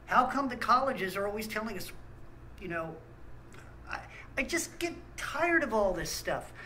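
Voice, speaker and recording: A man who hosts a small ministry channel rants angrily in a high-pitched, sharp voice with big pitch swings at a measured pace. His talk is blunt and full of stammered restarts, and the rough recording has slight background noise.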